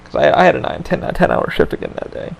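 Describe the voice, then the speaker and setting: This man, a podcast host, rambles through a story in a loose, easygoing way, cursing freely during the casual conversation. He talks quickly, and the low-quality recording carries a little hiss or hum.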